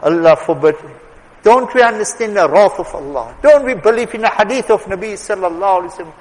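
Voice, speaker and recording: A man preaching a sermon with emphatic exhortation, dropping to quiet asides and rising to forceful appeals. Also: high-pitched, lively intonation, fast talker. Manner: emphatic, swings between soft asides and raised exhortation. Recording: long hall reverb.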